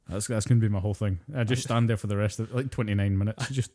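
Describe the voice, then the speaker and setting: A British man with a low, mellow voice co-hosting a podcast. He chats casually, swears freely and cracks jokes, laughing easily. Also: steady tone, a little fast. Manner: profane, jokey, laughs easily. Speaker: podcast co-host. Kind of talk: casual chat.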